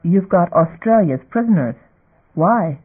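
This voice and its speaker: A man's voice: high voice, animated, a little slow, breathy edge, heavily acted. A man reading the part of a stern senior fleet commander who speaks curtly and makes demands. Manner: curt, demanding. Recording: phone-like narrow band.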